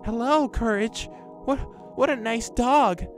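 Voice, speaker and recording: A man's voice: slow, over music. A man voicing a menacing old woman with a distorted, eerie voice in a spoken horror story. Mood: eerie sweet. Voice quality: distorted, shrill.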